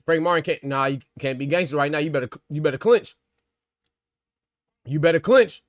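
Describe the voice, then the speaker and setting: A man calls a boxing fight live for his viewers in a loose, slangy, conversational way. He gets excited and loud when the action heats up. His voice sits a little high, and the dry, close recording has almost no room sound. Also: moderate pace, no echo. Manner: excitable, shouts during big moments, slangy and conversational. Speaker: boxing commentator and channel host.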